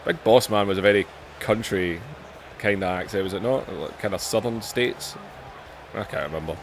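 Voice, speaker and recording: A man hosting a gaming channel, giving excitable play-by-play on a wrestling video game with self-mocking asides and jumps in pitch on big moves. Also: normal speed, a little hiss or hum.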